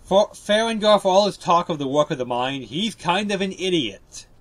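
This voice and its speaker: Man, let's play host, casual game commentary, chatty, joking, self-deprecating, slightly high voice. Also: animated, moderate pace, a bit bright.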